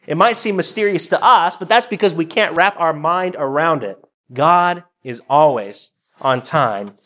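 A middle-aged man, a pastor delivering a sermon in a soft-spoken, conversational way. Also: a little high.

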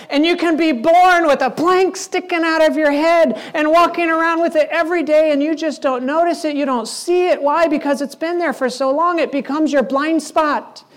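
A man's voice: extremely high pitch, moderate pace. A man preaching a sermon in a conversational, playful way, acting out little scenes as he goes. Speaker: pastor.

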